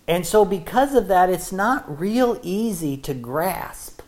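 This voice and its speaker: A woman with a fairly low voice delivers a sermon at an unhurried pace. She talks in an earnest, conversational way, repeating words as she restarts her thoughts and pushing up to emphatic points. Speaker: preacher.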